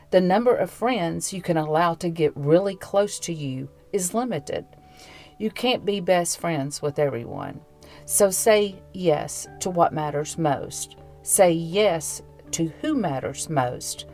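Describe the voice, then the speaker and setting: A woman with a Southern US drawl reads an encouraging passage in a gentle, easygoing way. Her voice sits a little low, and soft music plays faintly behind her. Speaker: podcast co-host. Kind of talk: casual chat and inspirational reading.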